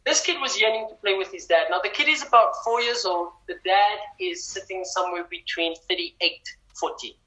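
A woman guest telling a story in a casual, animated way, often repeating words. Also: mid-range voice, normal speed, few pauses, reverberant, highs cut off.

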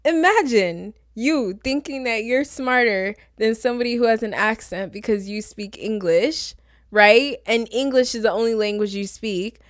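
A woman's voice: mid-range voice, a bit bright, no room sound, clean studio sound. A woman in her twenties hosting a solo podcast, ranting in a sassy, exasperated way and slipping into mocking voices. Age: 20s. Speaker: podcast host. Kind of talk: casual solo podcast rant.

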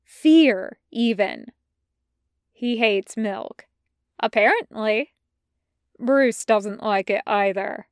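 Slow, clear woman audiobook narrator. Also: medium pitch, dry recording, clean studio sound. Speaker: podfic reader.

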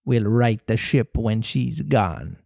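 A man voicing a scheming, menacing pirate captain with a slow, theatrical delivery, in a storybook reading. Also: lowish voice, animated, vocal fry, a little mellow, dry recording, studio quality, full character voice.

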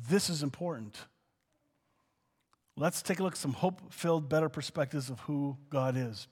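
Animated male preacher, hall reverb. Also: fairly high pitch. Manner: animated, conversational, swings between soft asides and excited exclamations. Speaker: pastor. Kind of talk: teaching sermon.

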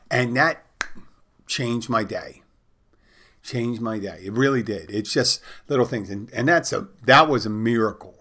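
A man's voice: mid-range voice, normal speed, fairly bright tone. A middle-aged man hosting a podcast, telling a personal story and giving bartending tips in a rambling, conversational way with many restarts. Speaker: podcast host. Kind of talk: casual storytelling monologue.

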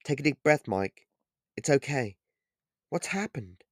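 A man's voice: medium pitch, big pitch swings, unhurried, no echo, studio quality, voice pushed up. A man voicing a cheerful young woman bartender who teases her regulars in a raised voice. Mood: concerned. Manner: gently teasing, bright raised voice.

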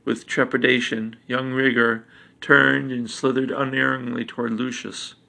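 A man narrating a fantasy story in an even, unhurried reading. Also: medium pitch, vocal fry.

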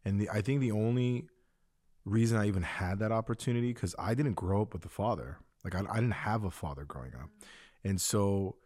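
Man, co-host, low pitch, earnest, halting, personal, casual faith talk. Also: darkish tone. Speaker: podcast co-host.

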